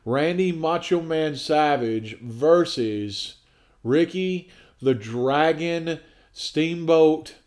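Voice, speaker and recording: A man's voice: on the high side, extremely slow, a little mellow. A man hosting a casual home podcast, playful and rambling, laughing at his own jokes. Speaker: podcast host. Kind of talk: casual family chat.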